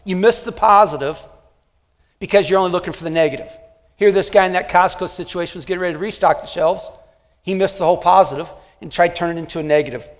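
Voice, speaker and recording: High-voiced pastor in an echoing hall. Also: male voice, quick pace. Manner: conversational, joking, with many fillers. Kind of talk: sermon. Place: church sanctuary, nearly empty, livestreamed. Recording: long hall reverb.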